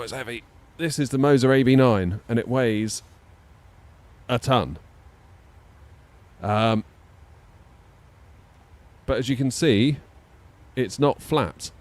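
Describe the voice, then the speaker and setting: Fairly low-pitched and a little mellow, this man chats casually as a flight sim streamer on a live stream. He rambles and hesitates, leaning on fillers and small self-deprecating laughs.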